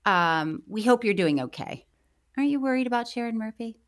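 A woman's voice: fairly high pitch, lively intonation, fairly quick. A woman co-hosting a podcast, chatting casually in a bubbly way and laughing often. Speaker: podcast co-host. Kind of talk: casual chat.

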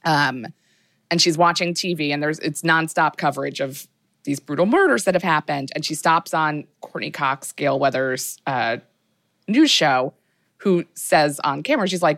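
A woman with a low voice co-hosts a podcast and recaps a film plot in loose, rambling chat. She leans on fillers and keeps the tone casual and conversational. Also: animated, moderate pace, a bit bright. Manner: chatty, filler-heavy, laughs often. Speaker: podcast co-host.

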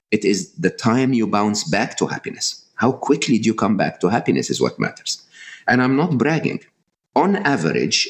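A middle-aged man speaking as a podcast guest, emphatic and repeating words for stress. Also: fairly low pitch. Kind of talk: animated interview talk.

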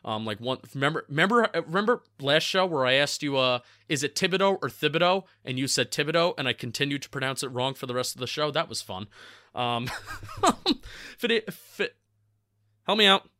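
A man's voice: medium pitch, animated, brisk, sharp tone, dry recording, clean studio sound. A man with a New Jersey accent, talking casually as a co-host in a chatty, loose way, often restarting his words. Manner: chatty, restarts words, laughs at own slips. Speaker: co-host of a football draft podcast. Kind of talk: casual sports analysis chat.

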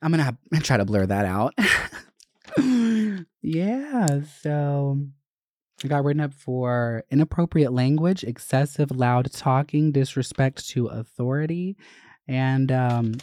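A man's voice: medium pitch, expressive, slow, darkish tone, dry recording. A man hosting a podcast, telling candid, profane stories from his school days in a chatty way. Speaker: podcast host. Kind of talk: casual storytelling.

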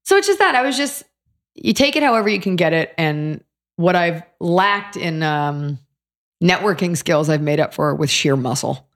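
Low-voiced woman comic talking on a podcast, blunt, swears a lot, tells it straight. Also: normal speed. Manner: blunt, swears freely, animated storytelling. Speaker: comedian guest. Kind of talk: casual podcast chat.

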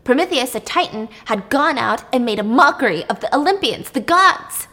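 A woman's voice: high-pitched, lively intonation, moderate pace, sharp tone. A young woman retelling a myth to a friend in a chatty, blunt, laughing way. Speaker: podcast host.

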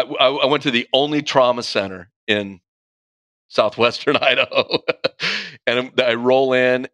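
A man's voice: mid-range voice, fairly bright tone, no room sound. Candid, profane male storyteller, dry sound. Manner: candid, profane, vivid retelling. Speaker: guest, police officer. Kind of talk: personal storytelling.

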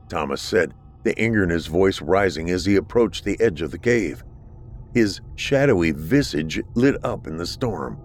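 A man narrating a horror story with steady, dramatic delivery. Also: low voice, moderate pace, a little hiss or hum.

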